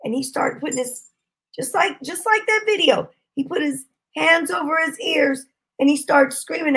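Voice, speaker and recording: A woman preaching a sermon, telling a testimony with impassioned shouting bursts. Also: sits high, normal speed. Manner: impassioned, shouting bursts, Southern-style speech.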